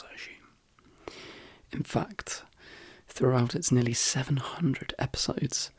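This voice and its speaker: A man hosting a soft-spoken ASMR video in a croaky, hoarse half-whisper, rambling easily between fillers. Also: medium pitch, dry recording. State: hoarse, voice worn out. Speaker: ASMR channel host.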